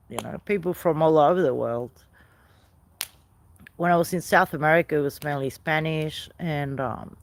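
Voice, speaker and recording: A woman hosting a casual live stream outdoors by a night fire, chatting with viewers, greeting them by name and laughing often. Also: sits low. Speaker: livestream host.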